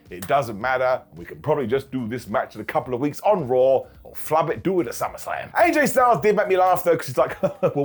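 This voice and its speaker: A man casually recapping a wrestling show as reviewer, animated and jokey, laughing often. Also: mid-range voice, husky. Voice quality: bald-joke running gimmick host.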